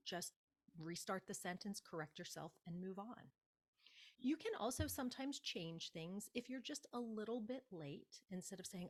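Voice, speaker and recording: A woman speaking as a public speaking coach in an interview, giving emphatic, animated advice and acting out example phrases. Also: mid-range voice, moderate pace.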